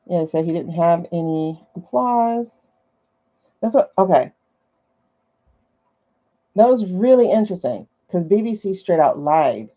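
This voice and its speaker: A woman's voice: on the low side, animated, unhurried, long pauses, warm tone. A woman hosting a casual livestream from her phone, chatty and skeptical, thinking aloud with many fillers. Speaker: livestream host. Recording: dull lo-fi livestream audio.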